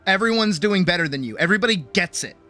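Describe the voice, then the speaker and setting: A woman's voice: on the low side, expressive, quick pace, sharp tone, soft background music. A woman streamer giving a rambling, profane pep talk in casual livestream chat. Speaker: streamer and artist.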